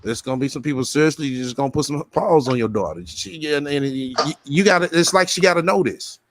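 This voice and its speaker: Podcast host, male, higher-pitched, blunt and profane, ranting freely. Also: brisk, background noise. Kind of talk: casual commentary chat.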